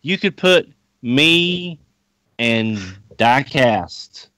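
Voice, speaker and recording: Male co-host, slow delivery, bright tense tone, lively pitch, joking asides. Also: no echo. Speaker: podcast co-host. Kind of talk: casual chat on a live stream.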